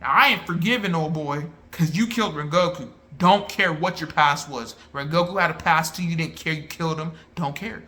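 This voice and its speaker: In loose, slangy casual chat, an excitable man reviews an anime movie. His bright voice sits slightly high for a man and carries lively energy. He keeps a moderate pace with few pauses.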